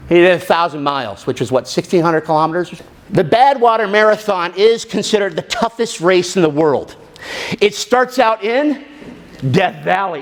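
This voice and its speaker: A middle-aged man with a fairly high speaking voice tells a story to an audience. He talks in an animated way and acts out his own inner voice as he goes. He comes across as a motivational speaker. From Southern Illinois.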